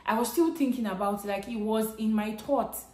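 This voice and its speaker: A woman's voice: on the high side, moderate pace, a little mellow. Earnest Nigerian woman vlogging, echoey room. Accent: Nigerian English. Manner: earnest, conversational. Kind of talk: personal storytelling to camera.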